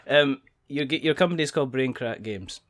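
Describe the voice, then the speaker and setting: A man's voice: mid-range voice, fairly quick, a bit bright. Jokey man hosting a podcast. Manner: jokey, rambling, laughs often. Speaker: podcast host. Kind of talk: casual chat.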